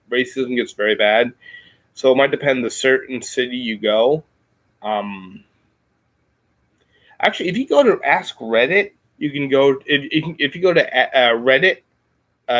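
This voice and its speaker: A man with a Midwestern American accent, explaining things in a casual chat, halting with many ums and restarts. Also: medium pitch, fairly bright tone, rough recording. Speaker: podcast host.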